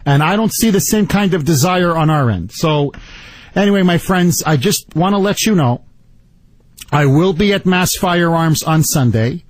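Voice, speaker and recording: Male radio host, lively indignant storyteller, higher-pitched, dry studio mic. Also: moderate pace, dry recording, rough recording. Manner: animated, mock-outraged storytelling. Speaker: radio talk show host. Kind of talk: talk radio monologue.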